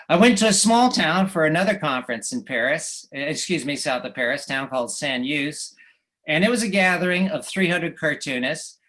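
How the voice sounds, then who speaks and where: American guy, slightly high voice, wry slide talk full of uhs and chuckles. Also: a bit bright. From United States. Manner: wry, hesitant with frequent uh fillers, chuckles. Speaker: cartoonist giving a slide talk. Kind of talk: anecdotal presentation with slides.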